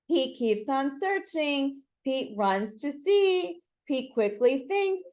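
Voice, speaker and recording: A woman reading a picture book aloud to children, pausing to ask listeners to fill in the words. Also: high voice, very animated, a little mellow. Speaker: children's story reader.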